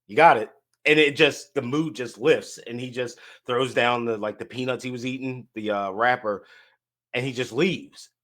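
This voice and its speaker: A young man co-hosting a casual podcast chat, relaxed and agreeable, often chiming in with short reactions. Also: lowish voice. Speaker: podcast co-host.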